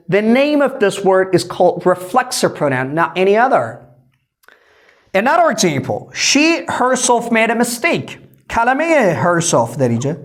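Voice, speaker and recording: A man teaching English grammar in a lesson, explaining slowly in English and rushing through the translations. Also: high-pitched.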